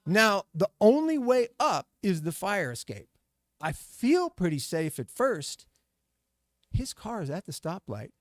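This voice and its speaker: A man's voice: high voice, big pitch swings, a little slow, no room sound. A middle-aged man telling a story to a live audience, acting out the voices and sound effects.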